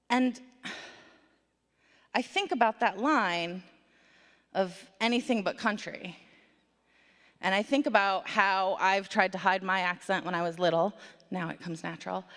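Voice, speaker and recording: A woman telling a story to children and the congregation at a worship service, in an animated, conversational way with playful asides. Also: medium pitch. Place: church sanctuary. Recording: long hall reverb.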